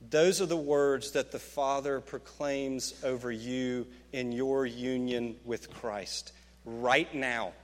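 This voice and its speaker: A man preaching a sermon, swinging from hushed, slow lines to emphatic, rising peaks. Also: big-room sound. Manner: emphatic, rising to fervent peaks, dropping low and slow for quoted words. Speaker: pastor.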